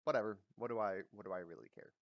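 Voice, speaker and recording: A man's voice: lowish voice, racing, no echo, highs cut off. Blunt, swearing man with a dry sound. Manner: blunt, profane, full of fillers and restarts. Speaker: commentary vlogger. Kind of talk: casual ranting commentary.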